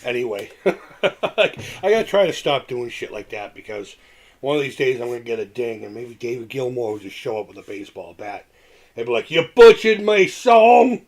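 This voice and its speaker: A man's voice: mid-range voice, fairly quick. Rambling middle-aged man live-streaming. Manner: rambling, with restarts and chuckles. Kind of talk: casual live-stream chat.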